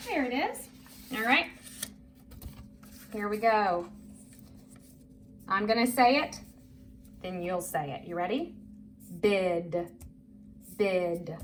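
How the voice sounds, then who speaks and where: A woman's voice: mid-range voice, big pitch swings, slow pace, pauses often, fairly bright tone. A woman teaching a phonics lesson to young children, patient and encouraging, drawing out each word for them to repeat. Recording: faint background noise.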